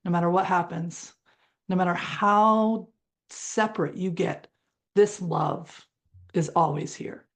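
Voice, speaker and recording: A woman voicing a tender, steadfast male horse who speaks with soft, soothing reassurance. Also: on the low side, takes it slowly.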